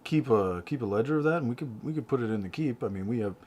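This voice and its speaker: A man's voice: medium pitch, expressive, fast, a little mellow, a little hiss or hum. A man playing a tabletop game, chatting casually with frequent restarts and laughs. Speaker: player.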